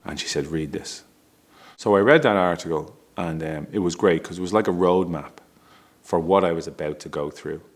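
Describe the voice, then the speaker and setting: Very deep-voiced man telling a candid story. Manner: candid, halting, with frequent restarts and laughs. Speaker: father telling a personal story. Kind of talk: emotional personal storytelling.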